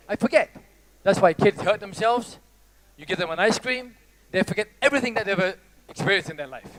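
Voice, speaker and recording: A man's voice: high-pitched, fairly bright tone, slight background noise. A man giving a live motivational talk to an audience, telling stories in a playful, theatrical way and speaking straight to the crowd. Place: stage before a live audience.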